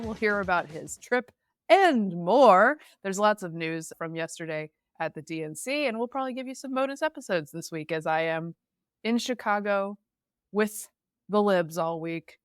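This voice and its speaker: A woman hosting a podcast, opening the show in a brisk, upbeat presenter's manner. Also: mid-range voice, smooth, dry recording, clean studio sound. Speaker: podcast host. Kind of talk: podcast intro.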